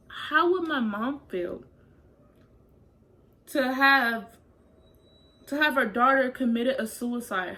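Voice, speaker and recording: A young woman talks straight to her viewers in a personal storytime vlog. Her voice sits a little on the high side. Her delivery is casual, candid and confessional. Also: sharp tone, rough recording. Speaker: vlogger.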